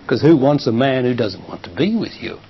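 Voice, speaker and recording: An older man with an Australian accent, a spiritual teacher answering a question from the audience in a calm, emphatic way. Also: medium pitch, a little fast, gravelly, husky. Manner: calm, emphatic, acts out quoted dialogue. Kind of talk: public talk answering a question. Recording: muffled 1990s live talk tape, faint hiss.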